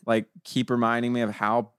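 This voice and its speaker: A man's voice: mid-range voice, little pitch movement, brisk, fairly bright tone, smooth, dry recording. Mid-voiced man griping casually on a podcast, dry close mic. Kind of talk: casual chat.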